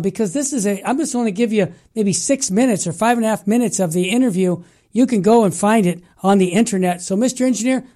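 A woman's voice: mid-range voice, mellow. A woman hosting a religious broadcast, introducing an interview clip in a conversational way. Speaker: host.

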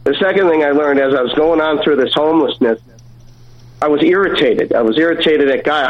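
A man's voice: a little high, a little fast, muffled recording. A man giving an earnest personal testimony as a guest on a talk show. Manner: earnest storytelling, acts out dialogue.

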